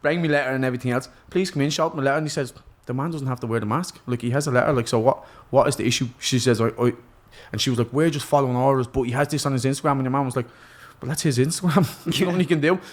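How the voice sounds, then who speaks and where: A young Irish man, a boxer, telling a lively, cheeky story in casual podcast chat and putting on other people's voices. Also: medium pitch, rapid-fire. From Ireland. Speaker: guest, professional boxer.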